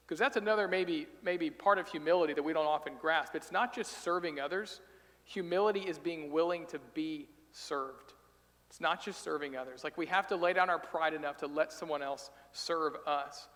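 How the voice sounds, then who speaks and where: A man's voice: fairly high pitch, normal speed, fairly bright tone, long reverb tail. A man preaching a sermon in a casual, storytelling way, acting out quoted voices as he retells the passage. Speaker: pastor. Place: church sanctuary.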